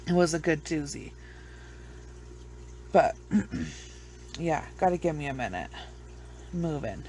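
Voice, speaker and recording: A woman's voice: low-pitched, animated, slow, pauses often, darkish tone, a little hiss or hum. A woman with children chatting casually to her viewers, rambling, blunt and swearing freely. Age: adult with children. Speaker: true crime vlogger. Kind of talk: casual chat to camera.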